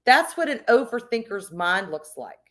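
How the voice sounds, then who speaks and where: A woman's voice: a little high, sing-song, normal speed, a bit bright. A woman streamer chatting casually and reading out her viewers' comments, candid and emphatic, swearing freely. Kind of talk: casual livestream chat.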